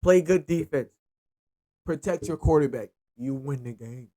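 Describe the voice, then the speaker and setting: Loose, profane sports-picks host. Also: male voice, fairly high pitch, a little slow. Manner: loose, profane, rambling, lively. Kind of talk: casual sports picks monologue.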